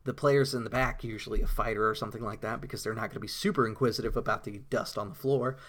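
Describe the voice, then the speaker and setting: A man's voice: on the low side, fairly even intonation, fast, fairly bright tone. A man giving a casual, rambling monologue about tabletop role-playing, with many fillers and enthusiastic storytelling. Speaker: tabletop RPG blogger.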